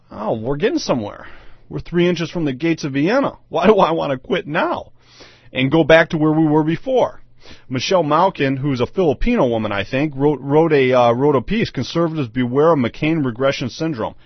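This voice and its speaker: Emphatic man in a lively monologue. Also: medium pitch, dry recording. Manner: emphatic, repetitive rhetorical questions. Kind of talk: solo opinion monologue. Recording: dull, lo-fi dry sound.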